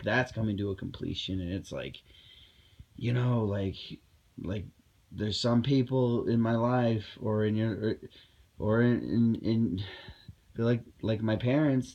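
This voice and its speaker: A man's voice: on the low side, warm tone, lo-fi sound. A man talking in a casual vlog monologue, rambling and heated, with many fillers and restarts, recorded at home. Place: at home indoors.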